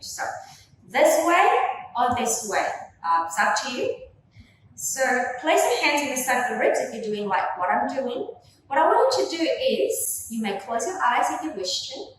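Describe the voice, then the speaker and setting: A young woman leading a gentle Pilates workout with slow, soothing cues, filmed on a camera from across the room. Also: on the high side, a little hiss or hum. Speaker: Pilates instructor. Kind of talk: guided workout instruction. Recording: echoey room, voice from a distance.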